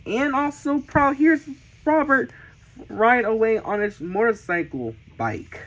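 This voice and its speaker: A man giving a casual tour of his sketchbooks, enthusiastic, often repeating and restarting, with sudden excited squeals. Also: a little high, low-quality recording. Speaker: artist showing his sketchbooks.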